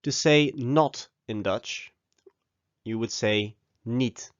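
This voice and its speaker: Man teaching a slow, clear lesson. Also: mid-range voice, dry recording, muffled recording. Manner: slow, deliberate model pronunciation with pauses for repeating. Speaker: language teacher. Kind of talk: scripted language lesson.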